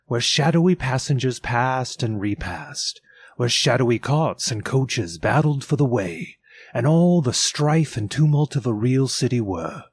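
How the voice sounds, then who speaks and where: A man reading a classic story aloud in an expressive, theatrical storytelling manner. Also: mid-range voice, husky, no room sound. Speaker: narrator. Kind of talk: dramatic audiobook reading.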